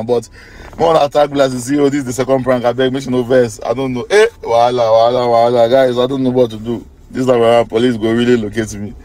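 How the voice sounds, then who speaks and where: Laughing Nigerian man in an echoey room. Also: medium pitch. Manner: laughing, loud, mixing Pidgin and English. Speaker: comedian and prankster. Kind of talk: casual excited chat. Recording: echoey room with faint noise.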